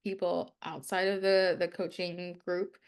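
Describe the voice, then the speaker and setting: Woman, lower-pitched voice, casual interview guest, talkative, frequent "like" fillers. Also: flat delivery, a little slow. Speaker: head of people, interview guest.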